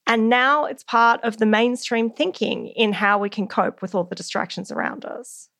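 A woman interviewer asking an author calm, measured questions. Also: a little high, creaky, no room sound, studio quality.

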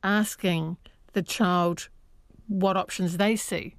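A woman hosting an interview, asking measured, leading questions of her guest. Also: on the low side, steady tone, dry recording, studio quality. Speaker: host.

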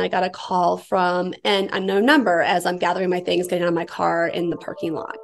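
Middle-aged American woman recounting an ordeal. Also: mid-range voice. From United States. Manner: tense, vivid retelling. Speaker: interviewee. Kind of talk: personal account.

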